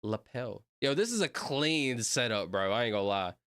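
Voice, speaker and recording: Excitable guy with lively pitch. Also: a little fast, clean tone, no echo, clean studio sound. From Southern United States. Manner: excitable, rambling, sudden shouted outbursts. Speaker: streamer reacting to videos. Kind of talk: casual reaction commentary.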